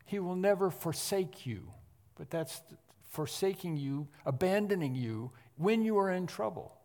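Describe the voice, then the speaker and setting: Pastor guy preaching, earnest, kinda high voice, long echo like a big church. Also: expressive, a little slow, gravelly, darkish tone. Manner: earnest preaching with emphatic rises. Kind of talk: sermon. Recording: long hall reverb.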